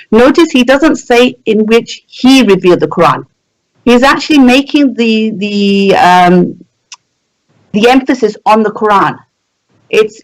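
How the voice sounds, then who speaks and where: A woman leads a live-streamed religious lesson, taking scripture apart piece by piece. She asks her listeners rhetorical questions and recites short Arabic verses before explaining them. Her voice sits at a middle pitch. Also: rough recording. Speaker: religious teacher.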